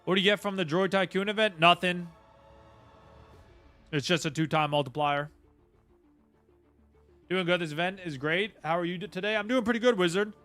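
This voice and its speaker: A man's voice: high-pitched, moderate pace, pauses often, sharp tone. A man streaming a game live, chatting casually and greeting viewers by name, with faint music behind.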